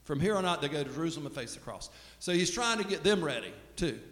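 A man preaching a sermon in a relaxed, storytelling way, often restarting his sentences, recorded in a church sanctuary. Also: fairly high pitch, fast talker. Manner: conversational storytelling, with frequent restarts. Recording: echoey hall with long reverb.

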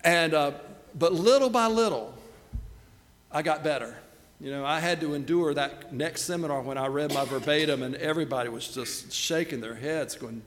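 A man's voice: on the high side, expressive, normal speed. A middle-aged man telling a self-deprecating story in a sermon. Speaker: pastor. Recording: long hall reverb.

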